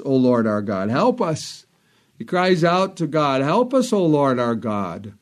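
A man preaching a sermon, quoting old scripture in a measured way and rising in fervor at the prayers. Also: mid-range voice, a little mellow.

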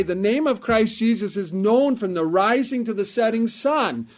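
A man delivers a sermon in a measured, emphatic cadence, his voice sitting a little higher than most men's. He returns to key phrases again and again, weighing each one. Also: animated. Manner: measured, emphatic preaching with repetition. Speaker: preacher.

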